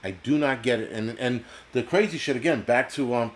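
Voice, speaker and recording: Profane, ranting man at mid pitch. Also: moderate pace. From United States. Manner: profane, blunt, rambling. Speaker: host. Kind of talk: ranting live-stream talk reading chat.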